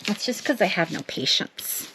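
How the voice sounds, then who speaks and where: At a normal speed and in an animated, pushed, bright mid-range voice, a middle-aged woman chats while making art for her craft vlog. She's self-deprecating and talks to herself as she works, with a little hiss or hum audible.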